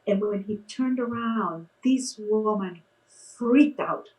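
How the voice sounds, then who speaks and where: Taking it slowly, a middle-aged woman who paints faces and works as a clown tells stories in conversation with a medium-pitched voice. She animatedly performs the quotes in a raised voice; the recording quality is rough.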